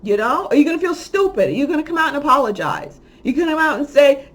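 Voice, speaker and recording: A woman talking in a casual monologue as host of a spiritual channel, rambling with many restarts, moving from quiet musing to loud, heated ranting. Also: high voice, very animated, a little fast, few pauses, husky. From lives in Miami. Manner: rambling with frequent restarts and fillers.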